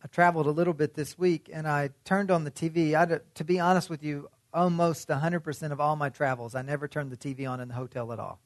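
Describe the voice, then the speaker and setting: A man's voice: fairly high pitch, fairly even intonation, fast, few pauses, no room sound, clean studio sound. A man preaching a sermon in a conversational way, often asking his listeners questions. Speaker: pastor.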